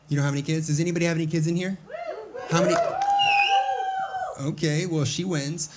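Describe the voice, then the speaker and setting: Crude deadpan stand-up comedian, young man. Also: a little high, brisk, long pauses, background noise. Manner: crude, deadpan, mock-exasperated. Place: comedy club stage before a laughing audience.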